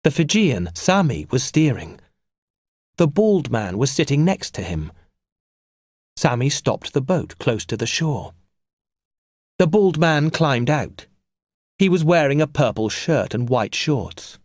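Guy reading a storybook aloud for english learners, lively pitch, dry close mic. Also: dry recording. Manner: clear and measured for learners. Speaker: audiobook narrator. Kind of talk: scripted storybook narration.

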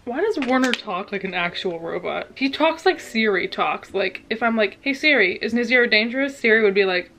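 A young woman book vlogger reacting while she reads, excitable and dramatic, with frequent laughter and gushing asides. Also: medium pitch, normal speed, few pauses. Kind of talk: casual reading reaction vlog.

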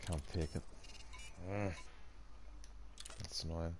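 A man's voice: sits low, steady tone, takes it slowly. A Northern Irish man giving casual, wry gameplay commentary with muttered asides. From Northern Ireland. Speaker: gaming streamer. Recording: game noise behind the voice.

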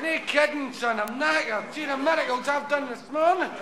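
A man with a Glasgow accent voicing a worn-out miracle-worker who complains loudly in matey pub talk. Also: extremely high pitch, normal speed, creaky, over a noisy crowd, heavy background noise, pitched above the performer's own voice. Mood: weary. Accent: Scottish (Glasgow). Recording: echoey live hall with loud audience.

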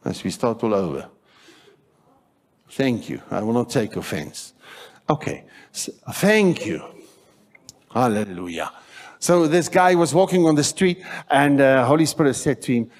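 A South African man preaching a sermon in church, telling stories with animated acted-out voices and shouting for emphasis. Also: medium pitch. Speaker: pastor.

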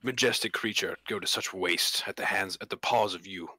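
A man's voice: sits low, moderate pace, pushed and bright, husky, no room sound, full character voice. A man playing a proud, noble adventurer speaking with formal dignity. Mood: stately.

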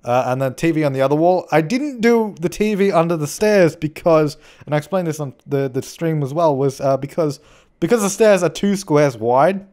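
A man's voice: a little high, darkish tone. A young man giving a chatty, rambling voice-over commentary on a building game, often restarting his sentences and teasing himself. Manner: chatty, rambling, self-mocking, frequent restarts. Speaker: game channel host.

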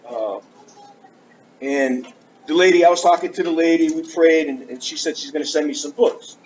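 A man whose voice sits on the high side preaches at a moderate pace, giving his testimony as a storytelling sermon. He tells it earnestly and with animation, acting out conversations. The church recording is dull and lo-fi, faintly hissing.

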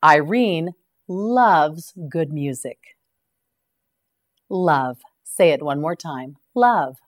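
A woman teaching English vocabulary in a slow, deliberate drill, repeating each word clearly and praising the learner. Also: low-pitched, animated.

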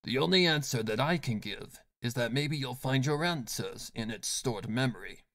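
A man voicing a male professor who answers in a quiet, resigned way. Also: mid-range voice, animated, moderate pace, no echo, studio quality. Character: older male professor, tired and plain.

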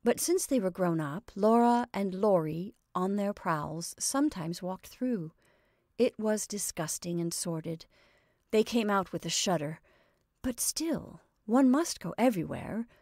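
A woman giving a measured, expressive reading of a literary short story as narrator. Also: mid-range voice, dry recording, studio quality.

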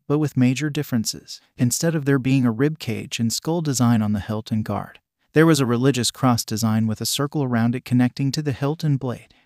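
A man narrating a fan fiction story in a steady, even reading voice. His pitch is ordinary and the sound is dry and close. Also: no echo.

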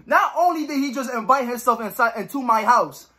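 A man's voice: very high voice, animated, brisk, pushed and bright. A young man giving joking, swearing horror game commentary, reading the game text aloud. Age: young adult. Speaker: gaming YouTuber.

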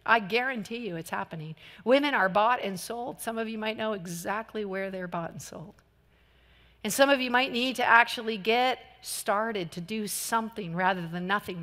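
A woman preaching a sermon, telling a story with humor and bursts of shouting. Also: medium pitch. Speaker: guest preacher. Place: church hall. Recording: long reverb of a large hall.

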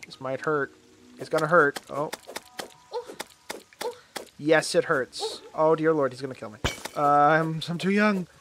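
Over background noise, a man with a fairly high voice gives casual let's-play commentary at a measured pace with long pauses. This gaming channel host rambles, mocks himself, laughs a lot, and groans theatrically whenever his character takes damage.

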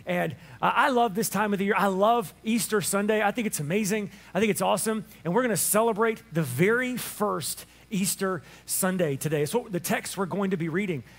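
A man preaching an Easter sermon as pastor, animated in his storytelling and acting out the voices of people in his stories. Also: high voice, a little fast, hardly any pauses. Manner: animated storytelling, acts out dialogue.

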